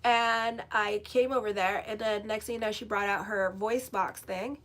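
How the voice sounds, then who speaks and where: A woman astrologer telling a story in a casual, animated way, blunt and swearing freely as she rambles. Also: medium pitch, moderate pace. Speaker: astrologer and tarot reader.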